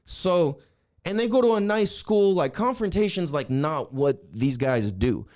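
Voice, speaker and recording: A man hosting a podcast, telling a heated story in a profane rant that swings between shouting and low mutters. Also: expressive, unhurried. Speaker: podcast host.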